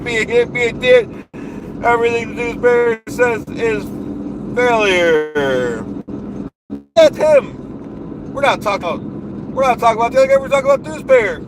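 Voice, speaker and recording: Man, high lively voice, boastful repetitive comic rant, noisy car interior. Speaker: livestreamer. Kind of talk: comedic in-character rant.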